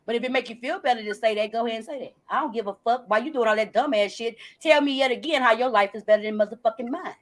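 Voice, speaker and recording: A woman's voice: fairly high pitch, quick pace, hardly any pauses. A woman hosting a live stream, brashly and profanely calling out a viewer while reading the chat. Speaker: livestream host.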